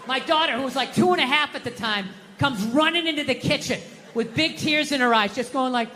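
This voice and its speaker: A man's voice: very high voice, animated, quick pace, bright, forceful tone. Man, stand-up comic, exasperated and profane, long hall reverb, faint hiss. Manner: profane, exasperated storytelling with acted-out quotes. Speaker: stand-up comedian. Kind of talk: stand-up comedy set. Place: live comedy venue.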